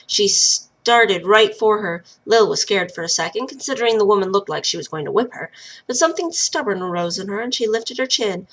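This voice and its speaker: A woman reads a chapter of her own novel aloud and narrates in a plain, unhurried way. She trips over a word now and then and corrects herself. Her voice is bright and sits at an ordinary middle pitch.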